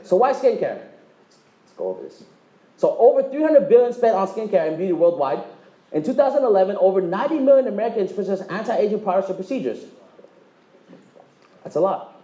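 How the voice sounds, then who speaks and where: Man, motivational sales talk, high voice, jokey, quizzes audience, echoey room. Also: mellow, lo-fi sound. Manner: joking, quizzes the audience, acts out quick dialogues. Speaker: presenter at a direct-sales meeting. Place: meeting room with live audience.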